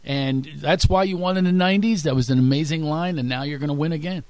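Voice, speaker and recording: A man in his fifties with a Philadelphia accent, a comedian guest telling stories and bits in quick runs. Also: a little high, a little mellow, no echo. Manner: rapid storytelling, quick to launch into bits. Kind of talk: interview chat with joke bits.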